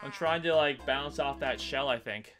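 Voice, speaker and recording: A man's voice: mid-range voice, normal speed, a bit bright, soft background music. A Canadian man commentating his gameplay casually, swearing freely, ranting and laughing as he talks to his viewers. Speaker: gaming streamer.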